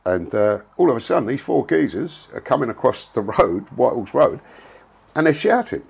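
A man's voice: medium pitch, big pitch swings, normal speed, vocal fry, husky. A man, telling a story in a blunt, casual way, full of slang and swearing. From England. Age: 60s. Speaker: interviewee.

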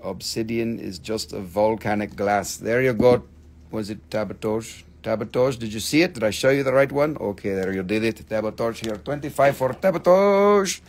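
A man hosting a live sales stream, excitable and theatrical, swearing freely as he gushes over the goods. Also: fairly low pitch, normal speed. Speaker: live-stream seller, host.

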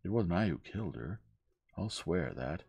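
A man reading gently, voicing a young man who talks in a casual, plain-spoken way. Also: deep voice, big pitch swings, moderate pace, gravelly, slightly rough, pitched above the performer's own voice, heavily acted. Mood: anxious. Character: young man, wry and cornered.

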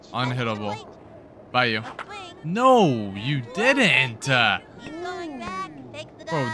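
A young man hosting a gaming video, giving excited let's-play commentary and cheering his team on with slangy outbursts. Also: mid-range voice. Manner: hyped, yelling at the game, slangy.

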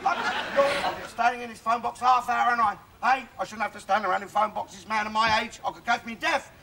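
An actor playing a cantankerous, rude older father in a sitcom, with a blustering, shouting manner. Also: very high voice, steady tone, fairly quick, gravelly, a crowd in the background. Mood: grumbling, ranting. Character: cantankerous, bigoted older man, a loud-mouthed father. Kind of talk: sitcom acting. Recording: loud background noise.

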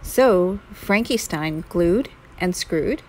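A woman reading a children's picture book aloud in a slow, gentle storytelling manner. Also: lowish voice, animated, soft background music, low-quality recording.

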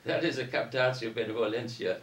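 A man's voice: medium pitch, a little fast, fairly bright tone. A man giving a university lecture in a parish hall, reading passages aloud and then discussing them at length. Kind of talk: academic lecture to an audience. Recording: roomy echo from a distance.

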